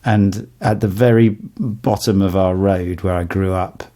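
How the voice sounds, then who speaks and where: A man co-hosting a podcast, telling relaxed stories in casual chat and chuckling often. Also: low-pitched, measured pace. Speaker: podcast co-host.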